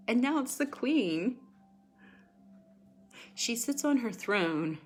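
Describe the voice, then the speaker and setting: A woman's voice: a little high, lively intonation, slow, long pauses, a little mellow, faint music behind. A woman giving a livestream tarot reading with a pep talk. She is emphatic and encouraging, chatty, and often close to tears. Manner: emotional and emphatic, sometimes near tears; chatty and encouraging, rambling asides. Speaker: tarot card reader.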